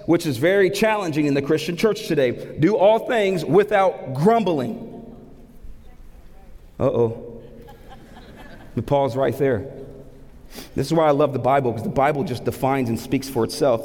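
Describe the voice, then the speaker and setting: A man preaching a sermon as pastor, animated, asking rhetorical questions and repeating words for emphasis. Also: a little high. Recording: long hall reverb.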